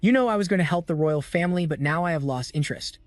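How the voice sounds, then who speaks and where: A man's voice: a little high, quick pace, no echo, soft background music, natural voice. A man voicing a cold, blunt young male saint-doctor who talks curtly and indifferently. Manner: curt, indifferent.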